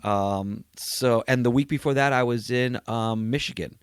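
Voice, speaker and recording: Brief: male comedian guest, mid-pitched, telling chatty road stories, dry close mic. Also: normal speed, smooth, no echo. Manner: storytelling, acts out voices of people he met. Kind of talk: casual podcast chat.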